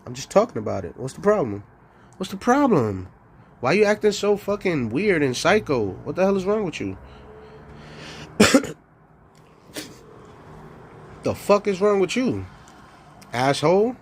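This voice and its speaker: A man's voice: high-pitched, very animated, measured pace, pauses often, slight background noise. Profane, heated male livestreamer. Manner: profane, heated, laughing between lines. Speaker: livestream host.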